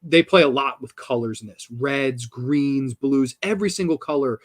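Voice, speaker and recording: A man's voice: mid-range voice, moderate pace. A man hosting a horror film review show, talking casually and enthusiastically, with casual swearing and lots of restarts.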